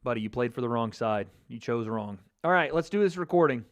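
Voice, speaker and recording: An American man giving an excitable live reaction to a football match as a YouTube host, swearing and breaking into shouts. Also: mid-range voice, a little fast. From United States.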